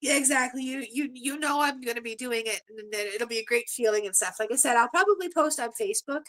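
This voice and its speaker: A woman's voice: fairly high pitch, quick pace, a bit bright. A middle-aged woman, a grandmother from Canada, chatting casually with viewers on her live stream, rambling and gushing with many fillers. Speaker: livestream host.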